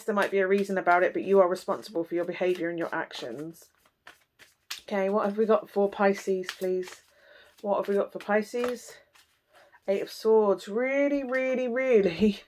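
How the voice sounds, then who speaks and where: A woman's voice: mid-range voice, a little mellow, a little hiss or hum. A woman in a mid-range voice gives a casual tarot reading straight to her viewers. She talks bluntly and chattily, full of fillers and asides. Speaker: tarot reader.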